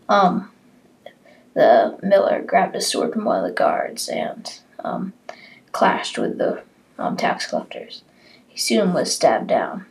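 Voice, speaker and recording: A woman telling a story off the cuff, halting, with many restarts and fillers. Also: on the low side, very animated, creaky, whispered, poor audio. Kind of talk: improvised story reading.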